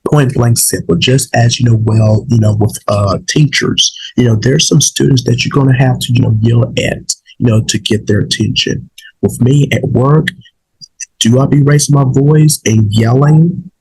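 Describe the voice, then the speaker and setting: A man's voice: mid-range voice, fairly even intonation, normal speed, creaky, a little mellow, slightly rough, poor audio. A man, a little sick and saving his voice, talking casually to his viewers in a rambling way, with many fillers and restarts. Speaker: vlog host. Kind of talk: casual opinion talk to viewers.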